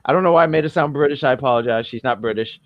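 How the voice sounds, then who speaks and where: A man's voice: medium pitch, racing, dry recording, highs cut off. A man from New York co-hosting a casual wrestling review podcast, rambling and self-correcting as he jokes around.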